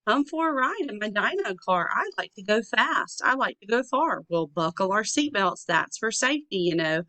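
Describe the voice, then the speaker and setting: A woman's voice: mid-range voice, animated, moderate pace, pushed and bright, no echo. A woman voicing an eager young dinosaur driver who loves to honk, in a bouncy sing-song storybook read-aloud. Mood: excited.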